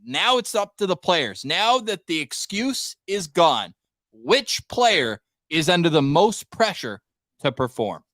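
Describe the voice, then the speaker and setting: A Canadian man hosting a live hockey stream, with a slightly high voice. He is playful and animated, and the sound is dry and close. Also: takes it slowly, no room sound. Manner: lively, playful, addresses the chat. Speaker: podcast host. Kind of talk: casual sports talk livestream.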